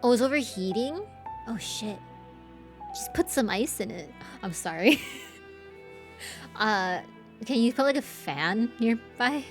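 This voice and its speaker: A woman's voice: fairly high pitch, lively intonation, takes it slowly, long pauses, music in the background. Chatty, laughing woman streamer. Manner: chatty, laughs often, swears casually. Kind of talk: casual live-stream chat.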